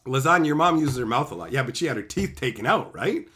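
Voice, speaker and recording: A man's voice: medium pitch, lively intonation, quick pace, fairly bright tone. A man streaming live, chatting with viewers in brash, joking banter and swearing constantly.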